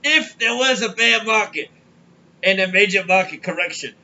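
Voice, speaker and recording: A man's voice: sits high, animated, moderate pace, pushed and bright, lo-fi sound. A man hosting a comedic crypto show, rambling and kvetching as he tells stories. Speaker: podcast host. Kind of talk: comedic crypto market monologue.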